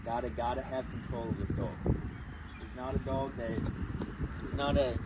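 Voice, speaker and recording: A man's voice: medium pitch, fairly even intonation, moderate pace. A man working as a dog trainer, explaining training in a blunt, casual way while giving the dog short commands. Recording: distant mic with loud outdoor noise.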